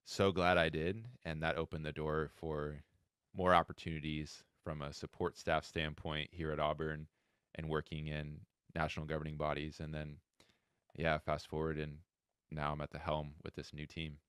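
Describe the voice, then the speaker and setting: Guesting on a podcast, this Florida coach in his thirties, who leads a wheelchair handball team, brings his stories to life by performing the quoted dialogue. He speaks at an ordinary pace in a very deep, smooth voice, captured on a clean, dry studio recording.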